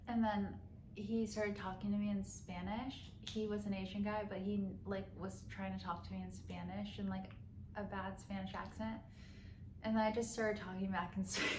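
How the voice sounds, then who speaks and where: A woman's voice: mid-range voice, fairly even intonation, moderate pace. A young woman vlogging casually on her phone, chatty and tired, often laughing. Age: young adult. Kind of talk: casual vlog. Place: city street outdoors, later indoors in a room. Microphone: handheld phone. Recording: noisy street, echoey.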